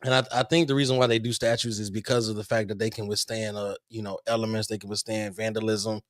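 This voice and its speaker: A man on a sports podcast panel, chatting casually and getting excitable, often laughing. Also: lowish voice, quick pace, no echo, studio quality. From family from Louisiana.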